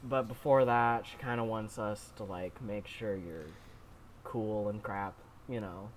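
A man's voice: on the low side, measured pace, slight background noise, pitched below the performer's own voice, lightly acted. A man voicing a cocky, evasive villain group member in a tabletop game, talking hesitantly with lots of fillers. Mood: sheepish. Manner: hesitant, filler-heavy, offhand. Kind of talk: tabletop role-play over voice chat.

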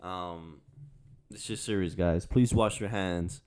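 A man's voice: deep voice, takes it slowly, a little mellow, clean tone. A young man, hosting a casual podcast and telling stories in a rambling, profane, laid-back way. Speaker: podcast host. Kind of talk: casual chat.

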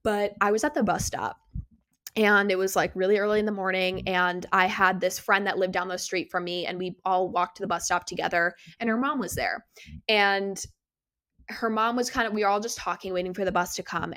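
A young woman in her twenties hosts a podcast and tells a personal story in casual chat. She talks in a candid, animated way, with plenty of fillers and restarts, and her pitch sits in the middle. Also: brisk. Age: 20s. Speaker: podcast host.

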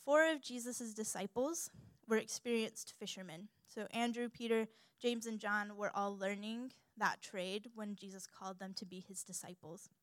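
A young woman giving a sermon in an animated, humorous way. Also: mid-range voice, normal speed, hardly any pauses, dry recording. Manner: animated and humorous, acts out quoted voices.

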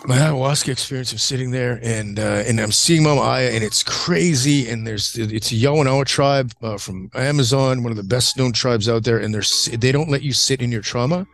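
A man hosting a conversational podcast, telling stories in a rambling, animated way. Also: mid-range voice, moderate pace, vocal fry, faint music behind. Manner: rambling, animated storytelling with acted-out quotes. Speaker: podcast host. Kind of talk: casual conversation.

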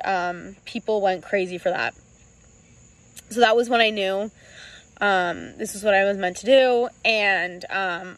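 A young woman in her twenties, the founder of a small clothing brand, telling her own story in a vlog, earnest and halting, with many ums and restarts, close to tears at times. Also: mid-range voice, rough recording.

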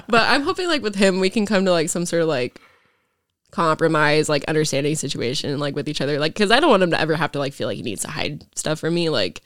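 A woman's voice: sits low, lively intonation, quick pace, fairly bright tone, no room sound, studio quality. A young woman, a podcast guest, telling a personal story casually and rambling with lots of filler words. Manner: rambling, heavy use of "like" fillers.

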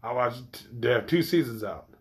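A man's voice: mid-range voice, expressive, moderate pace. A man chatting casually to his viewers, rambling, swearing freely and restarting his sentences often. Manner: rambling, loose and profane, with many restarts. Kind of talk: casual chat.

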